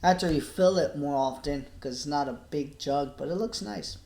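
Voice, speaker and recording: A man talking quietly to the camera in a personal video diary, halting and subdued, with many pauses and restarts. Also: fairly high pitch, creaky. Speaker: vlogger. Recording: echoey room.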